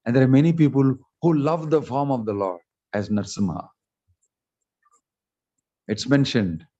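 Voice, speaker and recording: Monk, sermon storyteller, mellow voice, lo-fi recording. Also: male voice, medium pitch. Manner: animated storytelling with voiced quotes and jokes. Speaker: monk giving discourse.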